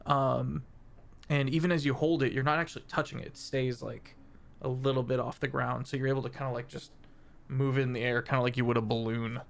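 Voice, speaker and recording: A man's voice: mid-range voice, fairly even intonation, fairly quick, vocal fry. A man acting as game master for a tabletop game who describes scenes while searching for words. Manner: searching for words, with fillers and restarts.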